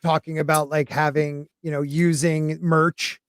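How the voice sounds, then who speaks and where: A man's voice: fairly high pitch, unhurried, smooth, no room sound. Hesitant man with a dry, close sound. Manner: relaxed and hesitant, with stumbling restarts. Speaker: podcast panelist. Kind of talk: casual chat. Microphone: streaming call.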